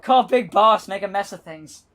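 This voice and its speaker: Brief: mid-pitched New Jersey voice, quick to laugh, crude jokey banter. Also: a bit bright. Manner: giggly, jokey, swears a lot. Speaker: gaming commentator. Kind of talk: casual let's-play chat.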